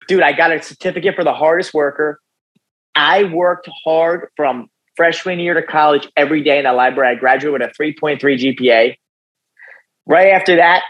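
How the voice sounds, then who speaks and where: A young man, a guest on a podcast, telling his personal story in a casual, animated way, often tossing in "dude" and "right?". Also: fairly high pitch, rough recording. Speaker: podcast guest, youth motivational speaker.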